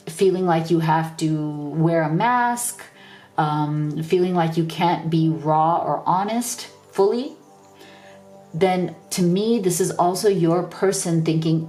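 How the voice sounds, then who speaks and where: A woman's voice: lowish voice, warm tone, roomy sound. Tearful woman giving a tarot reading. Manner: emotional, earnest, repeats phrases. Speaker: tarot reader. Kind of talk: pick-a-card tarot reading.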